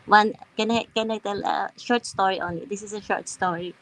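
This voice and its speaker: A woman's voice: mid-range voice, steady tone, brisk, rough recording. A woman from the Philippines with a Filipino accent, joining a class as a student and speaking hesitantly with nervous laughs. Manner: hesitant, self-conscious, laughs often. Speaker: student caller.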